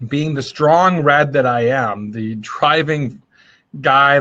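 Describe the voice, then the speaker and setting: A man's voice: mid-range voice, a bit bright, muffled recording. Rambling man on a live stream. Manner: friendly, rambling, with many fillers and restarts. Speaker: host of a daily live video. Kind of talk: casual motivational live stream.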